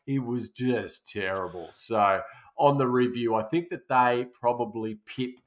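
A man's voice: mid-range voice, unhurried. Rambling man co-hosting. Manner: rambling, self-interrupting, laughs at own jokes. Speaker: podcast co-host. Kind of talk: casual movie-review chat.

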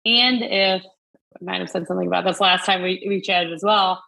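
A woman guest in a casual podcast chat, explaining things in a measured way. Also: fairly low pitch, fairly even intonation, creaky, bright, forceful tone, low-quality recording.

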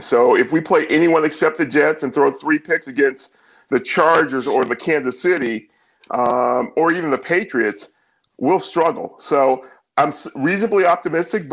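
A man giving his take on football as a guest analyst, measured, with many fillers and repeats. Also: a little high, creaky, poor audio. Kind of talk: casual sports talk.

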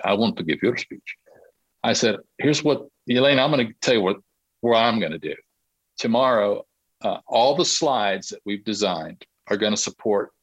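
Low-voiced man telling lively anecdotes. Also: husky, no echo, rough recording. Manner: animated anecdote-telling, acts out quoted dialogue. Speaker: interview guest, Olympic marketing consultant. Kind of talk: casual storytelling in a podcast interview.

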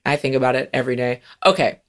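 A woman's voice: extremely low pitch, fast talker. A woman from San Francisco co-hosting a podcast in casual chat, playful and jokey. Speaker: podcast co-host.

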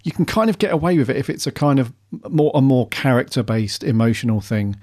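A man's voice: medium pitch, expressive, fairly quick, a little mellow. Easygoing man chatting. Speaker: podcast co-host. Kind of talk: casual chat.

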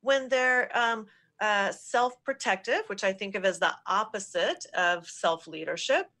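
A woman's voice: mid-range voice, pushed and bright. A woman executive consultant answering questions in a business podcast interview, explaining in an affirming way. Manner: affirming, explanatory, quick repeated yeses.

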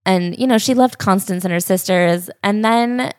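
A woman's voice: mid-range voice, normal speed, dry recording, clean studio sound. A woman co-hosting a podcast, summarizing a book's story in a plain, matter-of-fact way. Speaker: podcast co-host. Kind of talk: casual book discussion.

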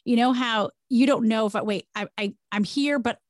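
A middle-aged woman, a former broadcaster, talking about faith and career change in an energetic, emphatic way. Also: a little high, moderate pace, no room sound, clean studio sound. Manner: energetic, emphatic, preachy storytelling. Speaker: podcast guest, former broadcaster. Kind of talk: conversational faith-based interview.

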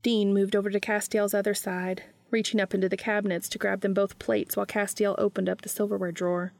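A woman reading a story aloud in a calm, even storytelling manner, close to the mic. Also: medium pitch, brisk, gravelly, dry recording. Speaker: reader. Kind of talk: reading fan fiction aloud.

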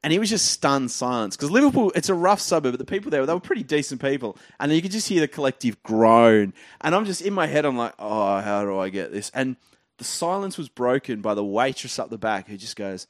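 A man with an Australian accent, a comedian telling stories with loud, animated delivery. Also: medium pitch, fairly quick, dry recording, clean studio sound. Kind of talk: comedy podcast storytelling.

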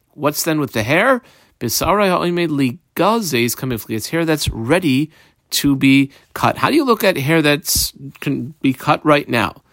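Lively man teaching a Talmud page. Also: a little high, no room sound, studio quality. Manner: translates Aramaic phrases line by line, guiding page markings. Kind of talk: daily page study lesson.

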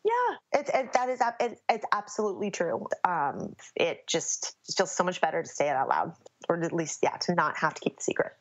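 A woman speaks as a guest in a candid, personal interview. Her voice is low and husky. She often breaks off and restarts while she looks for the right word. The recording sounds a little dull and lo-fi. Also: big pitch swings. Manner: searching for words, halting restarts.

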